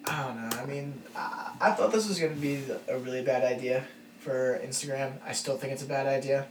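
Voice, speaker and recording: A man's voice: medium pitch, brisk. A man co-hosting a casual podcast chat, cutting in with dry jokes. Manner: wisecracking, interjecting with jokes. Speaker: podcast co-host. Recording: roomy sound from off-mic with faint room noise.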